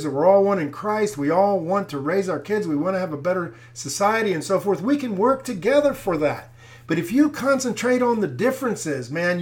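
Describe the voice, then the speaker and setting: An older man with a high voice preaches his commentary straight to his viewers. He hammers his points home by repeating phrases and keeps calling his listeners folks. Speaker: Christian commentator.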